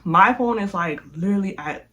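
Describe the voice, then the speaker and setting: Young adult vlogger, casual storytime delivery, animated, slangy, mid-pitched. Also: moderate pace. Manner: animated, slangy, with lots of filler sounds.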